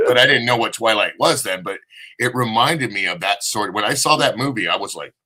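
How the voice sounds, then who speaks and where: Bright-voiced rambling storyteller man. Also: on the low side, expressive, a little fast. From Southern California. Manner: rambling profane storyteller, laughs often. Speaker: panel co-host. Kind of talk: casual live podcast banter.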